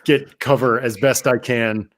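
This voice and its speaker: A man playing a tabletop role-playing game, talking in a halting way with many fillers. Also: mid-range voice, steady tone, fairly bright tone. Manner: halting, full of fillers and restarts. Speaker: player.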